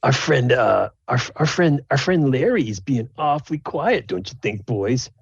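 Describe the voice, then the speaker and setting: A crude, mocking half-orc bully, put on by a man running the game, lifted a little above the speaker's own low pitch. He taunts his target with sneering remarks. The sound is dull and lo-fi. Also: lively intonation, normal speed, creaky, slightly rough, no echo. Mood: taunting. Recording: dull lo-fi recording.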